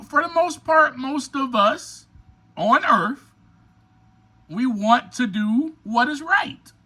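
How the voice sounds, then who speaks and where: A man hosting a podcast, giving a motivational monologue in an emphatic, preacher-like way, often pushing toward a shout and speaking straight to his listeners. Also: very high-pitched. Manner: addresses listeners directly, repeating phrases. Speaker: podcast host.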